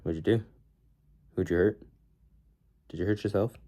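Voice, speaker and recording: A man's voice: low-pitched, normal speed, warm tone, muffled recording. A man vlogging in a casual, rambling way, joking with viewers and talking himself into being productive. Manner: rambling, joking, self-motivating. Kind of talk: casual self-talk vlog.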